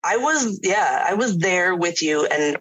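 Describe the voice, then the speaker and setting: A woman with an American accent, a podcast host and doula, talking in casual conversation, lively and laughing along with her guest. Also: fairly low pitch, measured pace, husky, rough recording.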